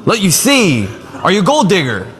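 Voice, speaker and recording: A comedian playing a brash, boastful self-proclaimed alpha millionaire in a store sketch clip. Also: male voice, sits high, wildly swooping pitch, moderate pace, heavily acted. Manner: boastful, loud, repetitive. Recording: clip with music and crowd, long reverb.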